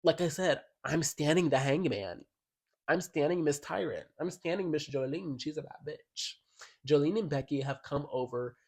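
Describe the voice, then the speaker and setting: A man talks through an album in a casual vlog. He sounds sassy and slangy and leans hard on his points, and his voice sits a little high for a man. Now and then he reads a song lyric aloud. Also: animated, moderate pace, darkish tone. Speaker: music commentator.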